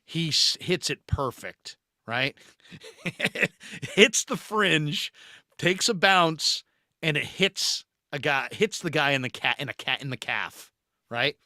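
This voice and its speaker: A middle-aged man hosting a casual chat, telling a story in an animated way and acting out the voices in it. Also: on the high side, slow, dry recording, clean studio sound. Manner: animated storyteller who acts out the voices in his anecdotes. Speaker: podcast host.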